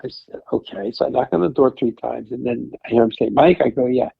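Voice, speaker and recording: A man telling stories and encouraging his host in a casual chat, rambling and warm-hearted. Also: medium pitch, fairly quick, gravelly, breathy edge, dry recording. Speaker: podcast host as guest. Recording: dry tinny phone-line sound.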